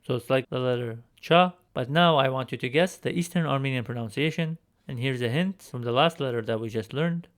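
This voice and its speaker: Male language teacher, mid-pitched, patient, repeats words for learners. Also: fairly quick, hardly any pauses. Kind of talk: recorded alphabet lesson.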